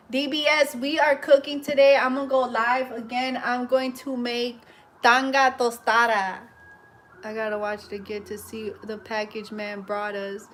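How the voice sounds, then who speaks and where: Animated woman telling stories on a livestream. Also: on the high side, normal speed, slight background noise. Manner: animated storyteller, laughs while talking; greets and chats with live viewers. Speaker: hair braider livestreaming. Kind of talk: casual livestream storytelling.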